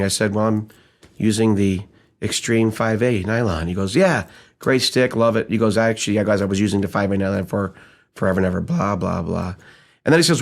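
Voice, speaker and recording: A man's voice: on the low side, expressive, brisk. A man teaching sales in a casual, storytelling way, acting out quoted dialogue and asking his listeners rhetorical questions. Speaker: sales trainer. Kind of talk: conversational sales-training audiobook storytelling.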